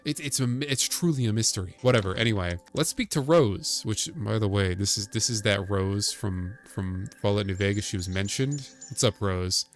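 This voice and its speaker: A man's voice: on the low side, normal speed, few pauses, faint music behind. A man giving casual, joking commentary while playing a video game, rambling and wry. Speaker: let's play streamer.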